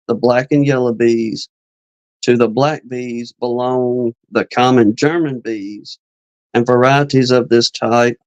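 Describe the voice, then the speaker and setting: A man's voice: medium pitch, a little mellow, dry recording, dull audio. A man hosting a live chat, reading an old beekeeping text aloud, tripping over words and adding casual asides. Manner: reads slowly, stumbles on words and adds asides.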